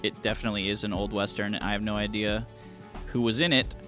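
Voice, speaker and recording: A man's voice: fairly low pitch, flat delivery, fast talker, pushed and bright, soft background music. A man streaming a trivia game, casually joking with chat and reading clues aloud. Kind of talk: casual live-stream commentary.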